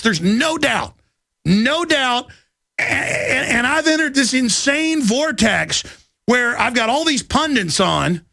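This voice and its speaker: A man's voice: extremely high pitch, vocal fry, no echo. A man in his thirties hosting a talk radio show, ranting with passion and mocking his opponents in put-on voices. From Texas. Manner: loud, impassioned, mocking impressions. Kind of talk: ranting political radio monologue.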